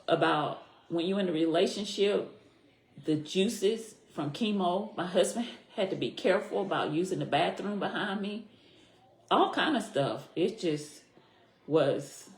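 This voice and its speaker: A middle-aged woman with a very low, deep voice tells her own story as a podcast guest. She speaks earnestly and from the heart, repeating key phrases for weight. The sound has a noticeable echo from the room. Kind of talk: personal story in a podcast interview. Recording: echoey room.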